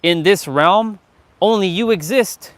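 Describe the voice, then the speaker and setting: A man's voice: high voice, takes it slowly, no echo. A man hosting a live motivational stream, talking to his chat in a fired-up, preachy way, swearing freely and calling out viewers by name. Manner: calls out chat viewers directly. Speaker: livestream host.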